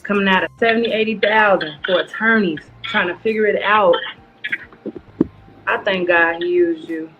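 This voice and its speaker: A woman speaks tearfully and gratefully as an interview guest. Clear music plays behind her voice. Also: mid-range voice, normal speed, lo-fi sound. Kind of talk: emotional video-call interview.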